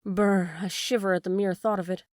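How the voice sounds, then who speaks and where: A woman's voice: mid-range voice, little pitch movement, moderate pace, darkish tone, no room sound, clean studio sound, natural voice. A woman voicing a frightened wooden puppet boy who wails and pleads. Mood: wailing. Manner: wailing, pleading.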